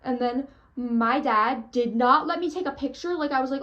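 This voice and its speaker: A teenage theater fan vlogger gushes breathlessly about a theater trip, packing her excited story with "like" and "oh my gosh." Her voice is high and a bit bright at normal speed, though the recording is muffled.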